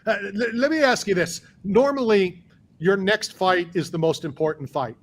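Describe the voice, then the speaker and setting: A man's voice: high-pitched, normal speed. Argumentative radio show host, a man. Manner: repeats himself, argumentative. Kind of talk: casual chat.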